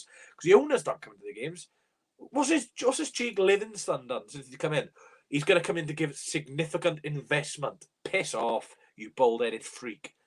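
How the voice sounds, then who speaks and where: Sweary, exasperated young man. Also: fairly high pitch. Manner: blunt, sweary, exasperated ranting. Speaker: fan channel host. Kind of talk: live reaction stream rant.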